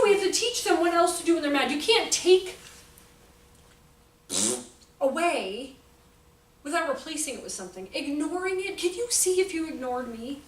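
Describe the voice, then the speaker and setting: A woman in her forties gives a lively talk to an audience, joking and acting out what people said. Her voice sits high and comes from a distance in a large echoey hall. A faint noise is heard under her. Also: normal speed. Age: 40s. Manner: animated, jokey, acts out quotes. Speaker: speaker on child behavior.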